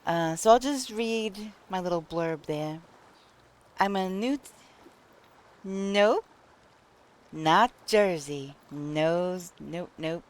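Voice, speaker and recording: A woman's voice: fairly low pitch, slow, long pauses. A woman from Long Island with a New York accent, chatting casually with viewers on a live stream and laughing often.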